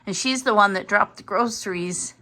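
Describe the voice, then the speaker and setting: A woman's voice: medium pitch, moderate pace, pushed and bright. A middle-aged woman from Canada, a vlogger chatting casually at home as she unpacks groceries and thinks aloud. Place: home kitchen.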